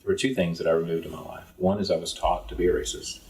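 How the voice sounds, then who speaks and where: Podcast guest: low-voiced reflective man from East Texas, neutral accent, sits a bit off the mic. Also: steady tone, quick pace, darkish tone, recorded from a distance, rough recording. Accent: neutral American, faint Texas trace. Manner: earnest, reflective storyteller. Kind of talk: casual conversation.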